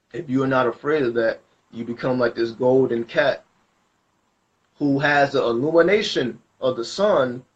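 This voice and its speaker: A man gives a spiritual reading at a middle pitch, talking in loose, rambling and slangy explanations. The recording sounds dull and lo-fi. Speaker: spiritual reader. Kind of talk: casual spoken reading.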